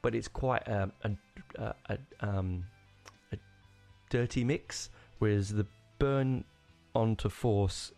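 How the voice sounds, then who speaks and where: A man talks on his own as a podcast host, rambling with plenty of restarts and real enthusiasm. His voice sits low and gravelly. Soft music plays faintly behind him. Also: slow pace. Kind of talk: casual solo rambling.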